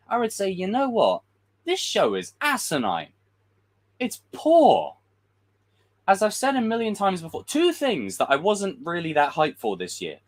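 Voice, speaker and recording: A man giving a casual, frustrated livestream rant as a film commentator, swearing and acting out quotes. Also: on the high side.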